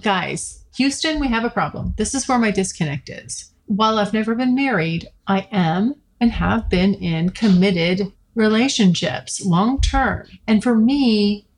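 Middle-aged woman, solo podcast host; frank, chatty, loose delivery with restarts. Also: medium pitch. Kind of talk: casual solo podcast talk.

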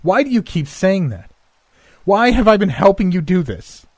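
A man's voice: mid-range voice, animated, measured pace, mellow, breathy edge, dry recording, pitched above the performer's own voice. A man voicing a frantic mother who screams out for her lost children. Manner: screaming, desperate.

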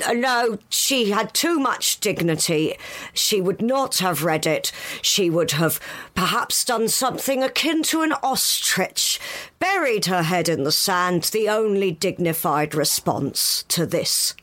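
A woman's voice: medium pitch, lively intonation, measured pace, a bit bright. A woman speaking as a royal correspondent on a comic radio show, pompous and theatrical.

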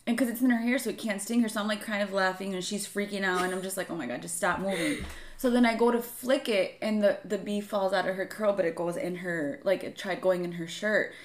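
A woman's voice: mid-range voice, fairly quick, few pauses. A young woman co-hosting a podcast, telling a long story in casual chat with lots of fillers. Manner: animated storytelling with frequent fillers. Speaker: podcast co-host. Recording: echoey room.

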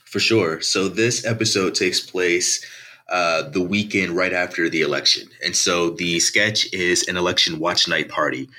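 A man, an author and political science professor, giving measured, articulate answers in an interview. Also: low-pitched, fairly even intonation, sharp tone.

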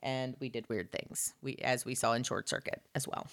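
A woman chatting casually about an old movie, sarcastic and animated, acting out the characters in lively voices. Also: extremely low pitch, moderate pace. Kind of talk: casual movie recap chat.

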